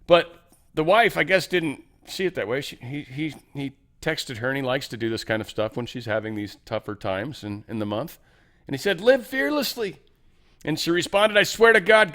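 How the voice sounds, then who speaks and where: Rambling male host with a lively voice. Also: medium pitch. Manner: rambling and informal, with many fillers and asides. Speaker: podcast host. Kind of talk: casual commentary.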